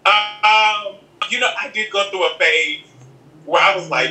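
A high, very bright male voice, sassy and lively, chatting casually as an interview guest. He sounds some way from the mic in a roomy, echoey space. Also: normal speed, a little hiss or hum. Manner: sassy, animated, calls the listener "girl". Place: home in Los Angeles. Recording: echoey room, distant from the mic.

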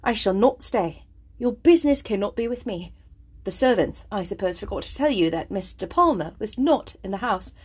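A woman reading aloud as a composed young lady in a classic novel, speaking with firm, clipped impatience in a husky voice. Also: medium pitch, expressive, moderate pace, a little mellow.

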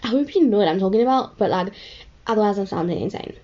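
A woman's voice: medium pitch, animated, fast talker, warm tone, dull audio. A woman telling a rambling, chatty story full of "like". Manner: rambling, chatty, heavy use of "like". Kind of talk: casual storytelling.

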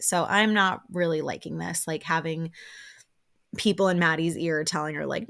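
A woman hosting a podcast, recapping a reality show in a chatty, animated way and acting out the quotes. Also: fairly low pitch, normal speed, creaky. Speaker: podcast host.

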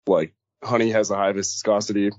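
A man guest-hosting a podcast, talking in a dry, deadpan, teasing way. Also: lowish voice, brisk, no echo, muffled recording. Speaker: guest co-host. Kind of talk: casual chat.

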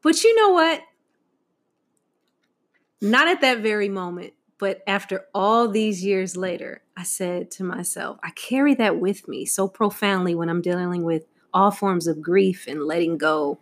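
A woman's voice: fairly low pitch, moderate pace, hardly any pauses. A middle-aged woman telling a heartfelt personal story about her mother, candid and laughing often. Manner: candid, laughing often, acting out quoted voices. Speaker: guest sharing a Mother's Day tribute.

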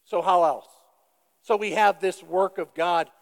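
Slow, high-voiced preaching man in reverb. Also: steady tone, vocal fry. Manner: deliberate, emphatic preaching with questions to the congregation. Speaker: pastor. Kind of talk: sermon.

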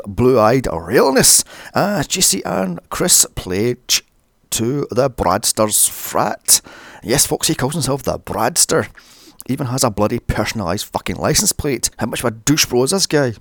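A man's voice: medium pitch, gravelly, no echo, clean studio sound. A man recapping a film in a sarcastic, sweary, exasperated way. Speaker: movie reviewer. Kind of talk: sarcastic movie recap narration.

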